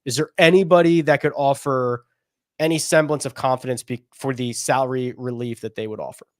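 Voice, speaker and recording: A man's voice: mid-range voice, a little fast, dry recording. Podcast guy rambling about golf picks, dry close mic, goes up and down a lot. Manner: animated, rambling, laughs while talking. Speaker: podcast co-host. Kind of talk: casual golf betting chat.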